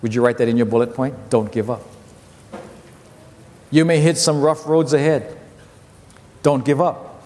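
A man in his fifties preaching a sermon as a pastor, telling stories with animated repetition and acting out his family's voices. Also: mid-range voice, a little slow, long pauses. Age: 50s. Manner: animated storytelling, repeats phrases, acts out family voices. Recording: long hall reverb.

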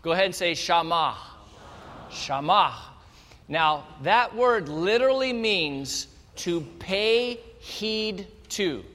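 A male pastor preaching a sermon, telling the story with animated energy and speaking straight to the congregation. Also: sits high, takes it slowly. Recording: long hall reverb.

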